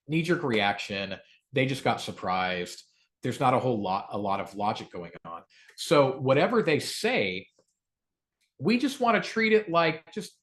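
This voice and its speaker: Male sales trainer, animated delivery, demos soft low-key rebuttals. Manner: lively, acts out calm low rebuttals.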